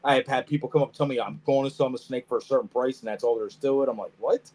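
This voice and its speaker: A man co-hosting a casual podcast, telling animated stories about reptile shows, swearing freely and acting out what people said. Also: mid-range voice, rapid-fire. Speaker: podcast co-host, snake breeder. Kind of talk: casual storytelling chat.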